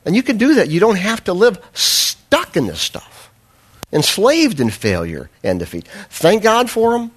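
A man's voice: high voice, wildly swooping pitch, measured pace. A man preaching a sermon as a pastor, telling a self-deprecating personal story with humor, then pressing his point with earnest, fervent emphasis.

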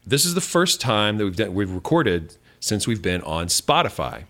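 A man's voice: fairly low pitch, sing-song, normal speed, sharp tone. A young man co-hosting a podcast in casual chat, asking wry, dry questions. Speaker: podcast co-host.

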